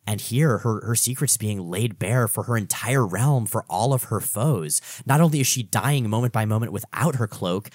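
A man's voice: fairly low pitch, moderate pace, hardly any pauses, darkish tone, dry recording, clean studio sound. A man hosting a podcast, giving a casual, enthusiastic recap of a comic book story. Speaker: podcast host.

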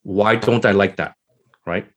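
Middle-aged male doctor, earnest explainer, lowish voice, asks himself questions, acts out examples. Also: unhurried. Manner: earnest, uses rhetorical questions and repeats "right?". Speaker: family and emergency doctor. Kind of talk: reflective explanation with acted examples.

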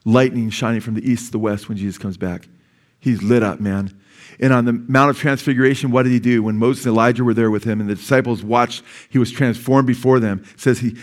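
A man preaching a sermon as pastor, conversational and excitable, with casual asides to the congregation. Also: mid-range voice.

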